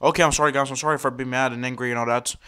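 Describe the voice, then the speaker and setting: Man, casual screen-recording commentary, halting, repeats words, excitable, mid-range pitch. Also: smooth. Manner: excitable, talks to viewers. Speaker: computer vlogger.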